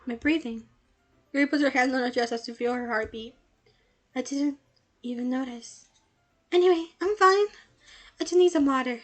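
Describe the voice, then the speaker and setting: Woman reading as a timid bookish girl from a game: soft, hesitant, high-pitched. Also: moderate pace, pauses often, faint music behind.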